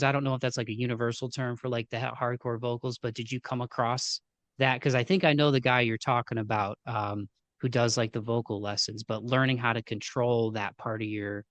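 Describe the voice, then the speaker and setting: A man's voice: mid-range voice, no room sound. A man hosting a podcast, chatting loosely with plenty of "like" and "um", circling back as he talks. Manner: rambling, lots of fillers and restarts, name-dropping. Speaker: podcast host. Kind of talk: casual podcast interview.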